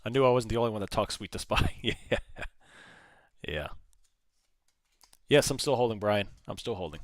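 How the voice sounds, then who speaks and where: A man's voice: lowish voice, lively intonation, moderate pace, no echo. Man talking to the charts on a livestream. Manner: talks to the chart, urging it on. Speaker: livestream trading host. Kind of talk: live commentary and chat replies.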